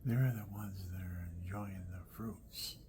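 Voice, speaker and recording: A man telling rambling personal stories at home, often dropping into soft whispered asides. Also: low voice, unhurried, background noise.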